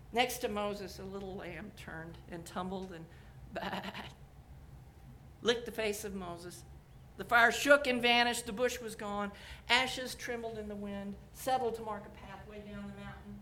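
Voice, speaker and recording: A woman's voice: medium pitch, steady tone, unhurried, bright, forceful tone, a little hiss or hum. A woman telling a scriptural story and closing with reflective questions and a blessing, in a meditative sermon style.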